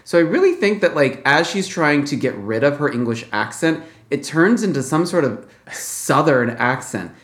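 A co-host, quick with joking asides. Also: mid-range voice, animated, a bit bright, echoey room. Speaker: podcast co-host. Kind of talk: casual film review chat.

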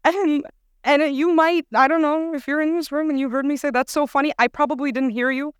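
A young woman giving a casual, storytelling youth sermon as a guest speaker, chatty and animated. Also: sits high, a little fast, no room sound, clean studio sound.

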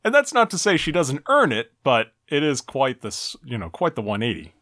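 A man in easy conversation, his pitch rising and falling a lot as he recounts scenes and reads quotes in a wry way. The sound is close and dry, with no room around it. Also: huge pitch swings, brisk, a bit bright, dry recording. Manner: reads game text aloud with dry wry delivery. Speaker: podcast co-host. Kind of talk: casual retro game discussion.

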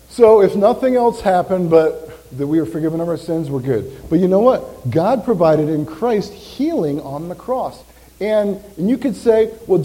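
A man preaching a sermon as pastor, animated and joking, often quizzing his congregation. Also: on the high side. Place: church hall. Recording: long reverb of a church hall.

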